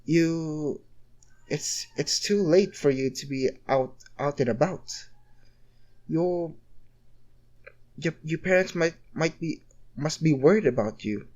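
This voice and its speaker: A man's voice: fairly high pitch, takes it slowly, long pauses, a little mellow. A man voicing a stammering young hero. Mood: earnest. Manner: stammering, repeats words. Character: young male masked hero, earnest and halting.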